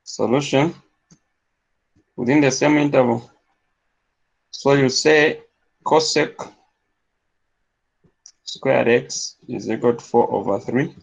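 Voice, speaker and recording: A man's voice: mid-range voice, slow pace, vocal fry, pauses often, slightly rough. A man teaching a maths class, talking through each step aloud and checking in with his students. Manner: dictates steps aloud, checks understanding with "yes?". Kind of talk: classroom lecture. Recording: dull lo-fi classroom recording.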